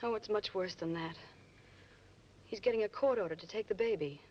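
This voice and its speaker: A woman's voice: medium pitch, a little fast, lightly acted. A woman playing a desperate young mother. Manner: urgent, pleading. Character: desperate young mother hiding her baby. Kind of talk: 1930s film dialogue. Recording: dull old film soundtrack with hiss.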